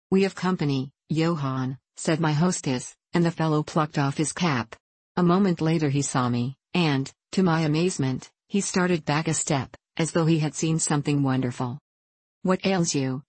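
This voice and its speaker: A woman narrating a classic novel as an audiobook in measured, even storytelling. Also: low-pitched, slightly rough, no echo, rough recording.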